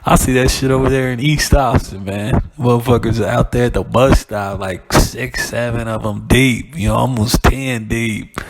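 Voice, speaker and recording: A man's voice: mid-range voice, steady tone, normal speed, slight background noise. A man hosting a podcast, rambling casually with profanity and laughing asides. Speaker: podcast host. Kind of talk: casual monologue.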